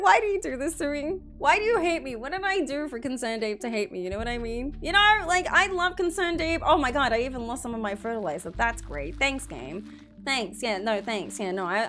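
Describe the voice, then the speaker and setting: Higher-voiced woman ranting over gameplay. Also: a bit bright. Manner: rambling, exasperated, jokey complaining. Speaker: streamer. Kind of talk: gameplay commentary.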